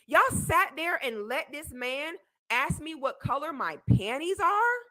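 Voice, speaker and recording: A young woman on a debate panel reacts to a clip with indignant, emphatic commentary, saying the same things more than once. She speaks a little slowly in a high, sing-song voice that is bright and forceful.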